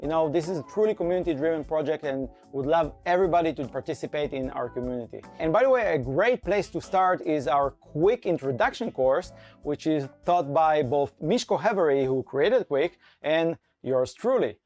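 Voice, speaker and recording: A man giving a scripted conference talk in an enthusiastic, playful, pitching manner, bantering with a co-presenter. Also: lively intonation, normal speed, a little mellow, faint music behind. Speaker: conference speaker and framework core team member.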